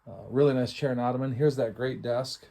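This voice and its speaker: A man's voice: mid-range voice, steady tone, a little fast, warm tone. A middle-aged man hosting a casual, enthusiastic walkthrough of a house before an estate sale, chatty and self-deprecating. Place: inside a house, walking through rooms.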